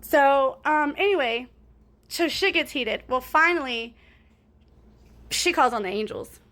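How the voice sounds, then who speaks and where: A woman's voice: sits high, expressive, measured pace, a bit bright. A woman in a casual storytime monologue, rambling and cussing as she talks to her viewers and keeps asking "right?".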